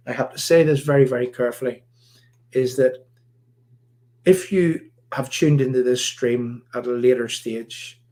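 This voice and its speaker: Male host, mid-pitched, emphatic and repetitive delivery with frequent pauses. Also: a little mellow. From Northern Ireland. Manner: emphatic, repetitive, halting with many uh's. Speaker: livestream host. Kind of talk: political commentary livestream.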